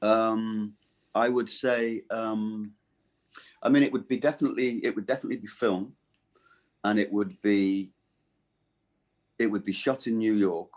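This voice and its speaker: A middle-aged man in a casual interview, speaking in halting bursts with many restarts and fillers, with a gravelly low voice. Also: fairly even intonation, a little mellow. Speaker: voice actor guest.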